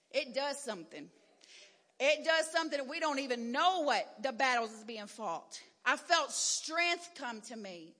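A woman giving a candid sermon testimony in a church, talking plainly and rising to loud, emphatic declarations. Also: high-pitched. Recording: long hall reverb.

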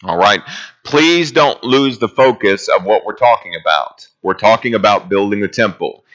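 Low bright-voiced man teaching Bible class. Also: muffled recording. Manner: conversational, rambling with fillers, reads scripture aloud.

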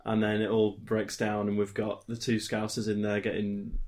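A man with a fairly low voice chats about a favourite film scene. He talks in an easygoing way, pausing to find his words. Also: monotone, a little mellow. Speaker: podcast co-host. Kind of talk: casual chat.

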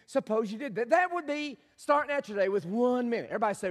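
His pitch is extremely high, with big swings, and he talks fast over a faint crowd. This man is a guest speaker delivering a folksy, humorous sermon in a church sanctuary, prompting the congregation to call his words back to him. A long church hall reverb surrounds the sound.

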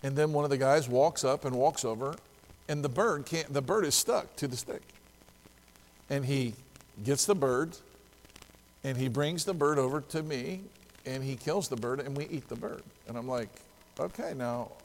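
A male pastor preaching a sermon, telling a story lively and acting out the dialogue. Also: mid-range voice, moderate pace, big-room sound.

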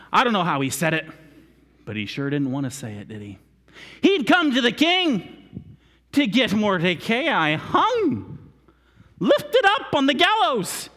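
Animated man preaching in a reverberant hall. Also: sits high, unhurried. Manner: animated, acts out characters, coaxes volunteers. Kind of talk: dramatic sermon storytelling.

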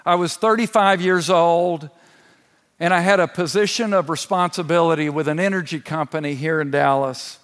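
A man's voice: on the high side, steady tone, normal speed, fairly bright tone. Earnest man preaching in a reverberant hall. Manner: earnest personal testimony with light laughter. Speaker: church elder. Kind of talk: sermon.

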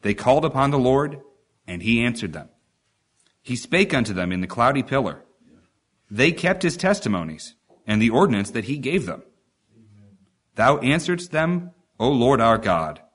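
Man, preacher, emphatic sermon, rising rhetorical questions, mid-pitched voice. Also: big pitch swings, moderate pace, pauses often, slightly rough. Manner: emphatic, rhetorical questions, reads scripture with stretched stresses.

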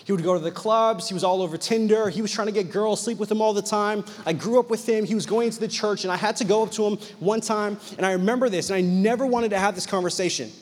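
A man's voice: sits high, quick pace, hardly any pauses, long reverb tail. A man preaching a sermon, telling a story with animation and acting out the people in it.

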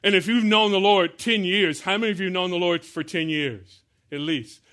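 A man preaching a sermon to a congregation, drawing answers from the pews, joking about aging, and slowing down to stress scripture lines. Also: sits high, pushed and bright. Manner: call-and-response preaching, asks the congregation to answer. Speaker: pastor.

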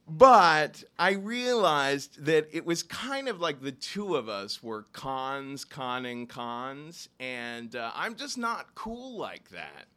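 Man, from Ohio, live storyteller, high voice, very lively pitch, unhurried, acts out quoted voices. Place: small lounge, live audience.

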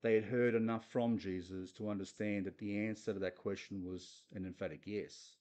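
A man's voice: on the low side, steady tone, moderate pace, a little mellow. A man preaching a conversational sermon, earnest and putting questions straight to his listeners. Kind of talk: conversational sermon on a Bible passage.

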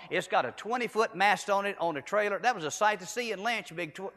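A man's voice: high voice, lively intonation, quick pace, few pauses, fairly bright tone. A man preaching a storytelling sermon in a church, earnest and emphatic, repeating key phrases. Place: church sanctuary. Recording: echoey hall with long reverb.

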